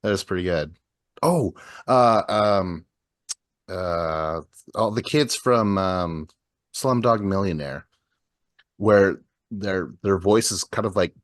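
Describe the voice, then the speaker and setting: A man's voice: low voice, slow pace, dry recording, studio quality. A man with a Wisconsin accent chatting casually on a podcast, rambling, laughing easily and trailing off mid-thought. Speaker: podcast co-host. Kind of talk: casual chat.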